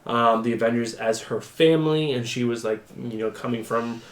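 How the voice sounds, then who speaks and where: Male co-host, casual and relaxed, reads news and riffs; average pitch; echoey room sound. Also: moderate pace. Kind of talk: casual chat about comic book news.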